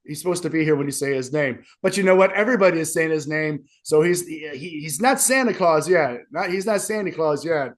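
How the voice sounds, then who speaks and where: A man's voice: a little high, a little fast, hardly any pauses. A young man, a wrestler with sore ribs, rambling and self-pitying in a casual interview. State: sore ribs, wincing in pain.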